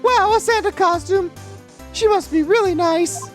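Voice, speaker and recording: A woman voicing a bubbly teenage girl sidekick in a high, squeaky, excitable voice. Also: a little slow, faint music behind. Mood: chirpy.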